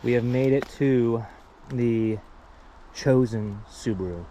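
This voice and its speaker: A man's voice: mid-range voice, takes it slowly, mellow, slight background noise. A man casually narrating a vlog while hiking through an outdoor junkyard, out of breath, chatty and rambling as he goes. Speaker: vlogger.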